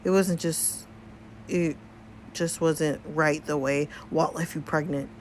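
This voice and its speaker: A woman voicing a warm, doting middle-aged mother in a story game, gushing and motherly. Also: sits low, steady tone, slow, a little hiss or hum.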